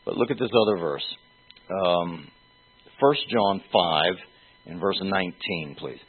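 A man preaching an expository sermon, teaching slowly and deliberately with pauses and fillers. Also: sits low, expressive, breathy edge. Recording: tinny phone-like sound.

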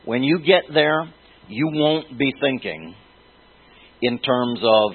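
A man teaching a Bible sermon in a deliberate way, stopping to restate and refine his phrases. The recording sounds tinny and phone-like. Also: medium pitch, lively intonation, breathy edge. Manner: deliberate, restates phrases while searching for words.

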